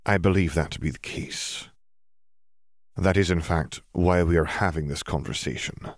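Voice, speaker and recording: A man voicing an old male wizard headmaster who speaks in a measured, formal way. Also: deep voice, no echo, studio quality. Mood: grave.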